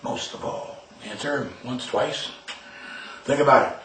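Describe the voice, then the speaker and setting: A man's voice: medium pitch, a little slow, a bit bright. An older man giving a talk on discipline, telling a personal story in an emphatic, anecdotal way. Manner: anecdotal, emphatic, acts out quoted lines. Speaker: speaker on discipline and verbal judo. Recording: far from mic in a roomy space with faint noise.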